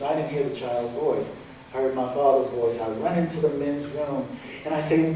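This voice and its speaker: A man's voice: medium pitch, moderate pace. Man telling a story in an echoey hall. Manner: vivid personal storytelling, shifting between lively and hushed. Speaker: guest speaker. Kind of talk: storytelling sermon. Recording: echoey hall, distant mic, faint hiss.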